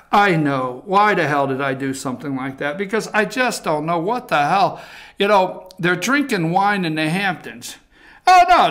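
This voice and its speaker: A talk show host delivers sarcastic political opinion in an animated way. His voice is high for a man and bright, with a forceful edge.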